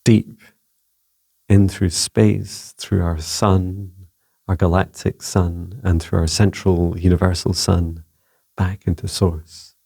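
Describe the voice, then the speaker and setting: A man channeling a serene earth spirit, speaking slowly and solemnly as in an invocation. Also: sits low, flat delivery, creaky, warm tone, husky, heavily acted.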